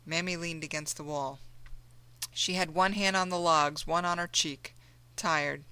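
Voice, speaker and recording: A woman narrating an audiobook in a measured storytelling manner. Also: low voice, fairly even intonation, bright, forceful tone, clean tone, dry recording. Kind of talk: scripted narration.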